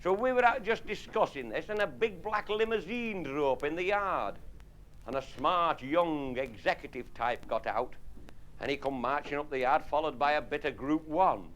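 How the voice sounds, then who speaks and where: A man's voice: a little high, animated, moderate pace, fairly bright tone. A man telling earthy, swearing comic stories to a live audience. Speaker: after-dinner raconteur. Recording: noisy 1969 live recording. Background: audience laughter.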